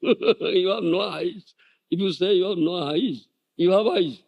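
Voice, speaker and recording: An older man from India giving a devotional lecture, animated, firing off rhetorical questions and laughing often. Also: high-pitched, a little slow, gravelly, breathy edge, lo-fi sound. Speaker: spiritual teacher.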